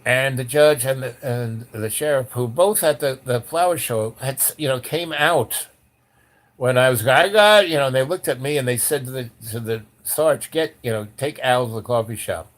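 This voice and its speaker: A man's voice: medium pitch, normal speed. Older man telling a rambling story. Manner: animated, acts out quoted voices; rambling with restarts. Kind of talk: casual storytelling.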